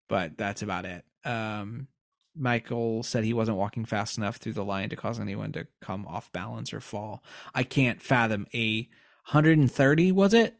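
A man's voice: on the low side, no echo, clean studio sound. A young man co-hosting a podcast, telling a news story with sarcastic jokes and losing his voice. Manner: joking, sarcastic asides. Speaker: podcast co-host. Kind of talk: casual chat, reading a news story.

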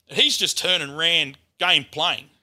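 A man's voice: fairly high pitch, takes it slowly, sharp tone, dry recording, clean studio sound. An Australian man telling a rambling, swear-filled story as a guest on a casual podcast chat.

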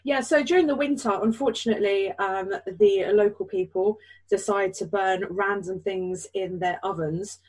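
A woman's voice: medium pitch, moderate pace, a little mellow, breathy edge, rough recording. A woman co-hosting a podcast, asking questions and giggling in casual chat. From Poland. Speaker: podcast co-host.

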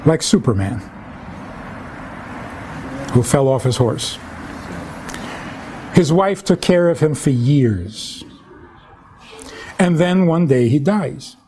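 A man's voice: fairly high pitch, warm tone, a little hiss or hum. A man, a rabbi giving a humorous lecture on relationships, who tells stories, acts out little dialogues and slips in wry jokes.

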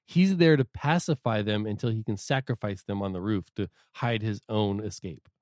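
A man co-hosting a podcast in casual chat, laid-back and explanatory, trailing off low and quiet. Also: moderate pace, dry recording, studio quality. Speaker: podcast co-host.

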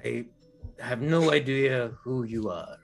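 A man's voice: mid-range voice, lively intonation, gravelly, faint music behind, heavily acted. A man putting on a sneering man-eating villain with an Eastern European accent. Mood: menacing taunting. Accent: put-on Eastern European accent. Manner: slow, drawn-out, menacing taunting. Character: sinister male creature that eats people, mocking. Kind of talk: game master voicing a villain.

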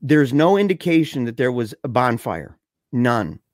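A young man telling a scary story in a casual way, excited and slangy, saying dude and man a lot. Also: medium pitch, a little slow, no room sound, studio quality.

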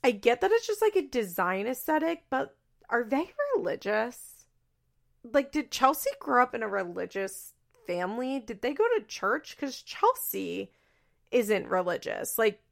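This woman hosts a podcast where she casually recaps a reality show. Her mid-range voice is gravelly with a fairly bright tone, and she chats away, laughing often and packing her sentences with "like."

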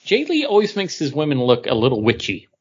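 A man's voice: medium pitch, huge pitch swings, a little fast, slightly rough, muffled recording. A man co-hosting a casual comics podcast, musing in an offhand way. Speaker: podcast co-host.

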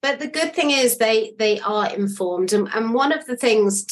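A woman's voice: on the high side, moderate pace. Earnest middle-aged woman telling her story. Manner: earnest, animated storytelling with frequent restarts. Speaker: guest. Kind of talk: interview conversation.

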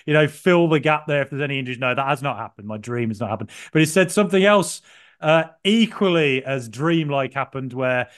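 A man's voice: medium pitch, animated, brisk. A man co-hosting a football podcast, telling a long story in a rambling, self-deprecating way with lots of fillers. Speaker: podcast co-host. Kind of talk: casual podcast chat.

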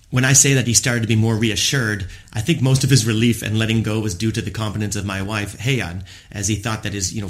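A man, hosting a podcast and telling personal stories in an earnest, reflective way, with frequent ums. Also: fairly low pitch. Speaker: podcast host. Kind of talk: reflective solo podcast monologue.

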